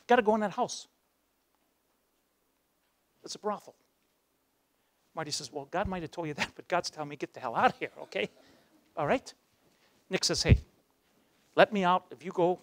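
A man giving a motivational speech, telling a story and acting out its voices, dropping low for the dramatic moments. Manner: acts out the voices in his stories, drops low for dramatic moments. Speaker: guest speaker. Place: university lecture hall.

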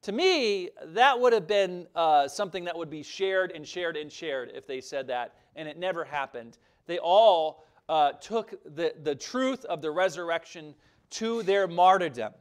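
A man preaching a sermon as pastor, earnest and emphatic, swelling louder and dropping soft. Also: fairly high pitch, lively intonation, measured pace, smooth. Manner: earnest, emphatic preaching with rising and falling intensity.

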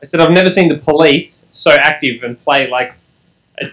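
A man co-hosting a podcast in casual chat, chiming in with short halting remarks. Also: on the high side, a bit bright, rough recording. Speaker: podcast co-host.

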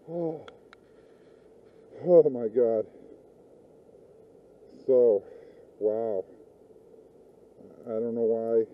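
A man narrating his fishing outdoors by a river, talking casually and rambling, swearing when things go wrong. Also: fairly low pitch. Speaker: fishing vlogger. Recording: tinny lo-fi outdoor audio.

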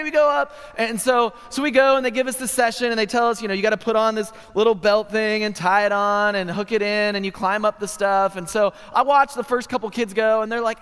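A man's voice: sits high, a little fast, clear, resonant tone. A man preaching in a university chapel, telling a comic story and tagging many lines with "right?". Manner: comic, animated storytelling with frequent "right?" asides. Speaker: chapel speaker. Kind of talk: humorous storytelling sermon. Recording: long hall reverb.

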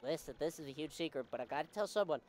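A woman voicing a smug, sneaky male Goomba thief who speaks low and hushed, as if sharing a secret. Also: expressive, rapid-fire, soft background music. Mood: secretive.

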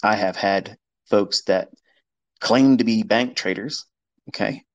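Taking his time in a fairly low voice, a trading educator runs an online audio chat with a casual, profane, blunt monologue that mocks the doubters he quotes. The recording is rough.

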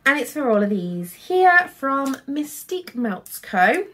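A young woman with a slightly high voice chats through a casual haul vlog. She rambles a little and leans on fillers like "so yeah". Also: big pitch swings, a little slow, fairly bright tone. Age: young adult. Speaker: vlogger.

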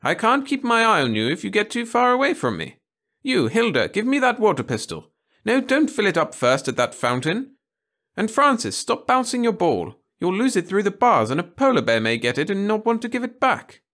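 A woman's voice: medium pitch, sing-song, moderate pace, voice pushed up. A man voicing a cheery older female schoolteacher who fusses kindly over a group of children. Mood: cheery scolding. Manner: bright, fussy, scolding kindly.

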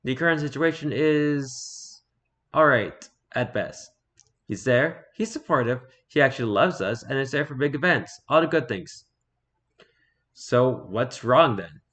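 Man, middle pitch, casual read-aloud, halting, offhand comments. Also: lively intonation, a bit bright. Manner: reads haltingly, stumbles and repeats words, then comments offhand. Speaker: streamer reading online stories.

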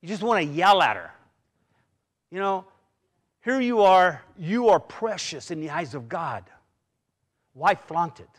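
A man's voice: high voice, big pitch swings, a little slow, pauses often. A middle-aged man preaching a sermon in a church, talking conversationally with personal stories and frequent restarts. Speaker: pastor. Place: church sanctuary.

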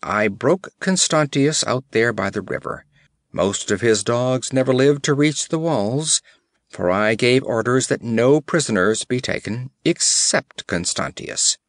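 A man voicing a gruff, battle-hardened barbarian warrior chief who speaks bluntly, in a dry storybook reading. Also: mid-range voice, expressive, unhurried, no room sound, close to an everyday voice. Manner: blunt, rough, commanding.

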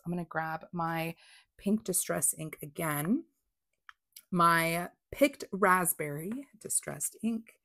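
Excitable woman crafting vlogger, slow and low. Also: creaky. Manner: excitable, gushing, drops to whispers. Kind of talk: casual unboxing chat.

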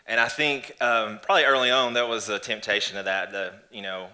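A man in church, earnestly and reflectively telling his story of faith in a conversational testimony, with halting restarts. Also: lowish voice, steady tone, bright, forceful tone. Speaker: church guest sharing testimony. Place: church stage before an audience.

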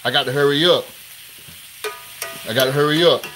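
A man hosting a live cooking stream in his home kitchen, talking straight to viewers in a hurried, repetitive way. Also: fairly high pitch, steady tone. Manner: hurried, talks straight to viewers, repeats himself. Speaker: cooking show host. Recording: sizzling pan noise behind.

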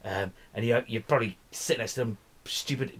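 A man ranting on his vlog in a loose, rambling way, cursing constantly and trailing off into mumbles. His voice sits at an ordinary middle pitch. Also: a little fast, fairly bright tone. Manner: profane, rambling, slurring and mumbling. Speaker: vlogger. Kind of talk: drunken rambling vlog rant.

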